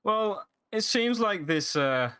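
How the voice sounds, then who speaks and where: A man's voice: high voice, expressive, slow, bright, forceful tone, clean tone, no room sound, exaggerated voice. A man playing a crude, laid-back police applicant in a game role-play, cocky and rambling.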